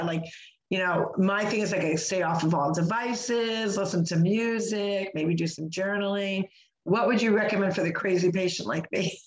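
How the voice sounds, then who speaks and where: A woman hosting a casual conversation, chatty and full of fillers, telling a personal story in an animated way. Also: mid-range voice, normal speed, roomy sound, low-quality recording. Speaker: host. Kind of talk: casual chat.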